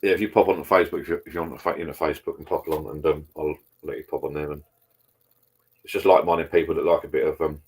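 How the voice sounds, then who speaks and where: Bloke, deep husky voice, rambling live-stream host chatting to viewers over a pint. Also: male voice, flat delivery, very fast, darkish tone. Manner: chatty, meandering, swears casually. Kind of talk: casual rambling chat with viewers over beers.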